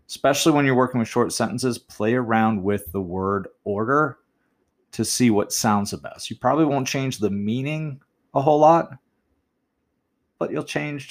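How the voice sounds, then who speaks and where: A man hosting a movie essay podcast, thinking aloud through his writing choices and giving listeners friendly, encouraging tips. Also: medium pitch. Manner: chatty and encouraging, addresses listeners as folks; muses aloud, weighing options with questions.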